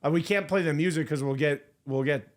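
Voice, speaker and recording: Casting: laid-back male podcast producer, agreeable sidekick, somewhat higher voice. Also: a little fast. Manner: easygoing, agreeable, short replies. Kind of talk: casual chat.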